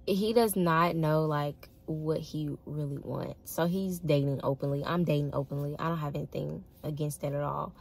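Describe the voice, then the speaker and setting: A young woman chats to her viewers about her dating life and keeps breaking into laughter. Her voice sits a little low, and she talks loosely and casually, often calling them y'all. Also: fairly even intonation, normal speed, creaky, hardly any pauses. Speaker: vlogger. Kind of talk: casual storytelling to camera.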